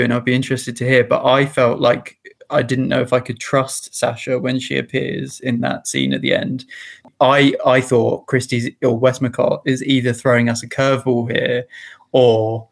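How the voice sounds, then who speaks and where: Flat, gravelly-voiced man musing on a book. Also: medium pitch. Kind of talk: casual book discussion.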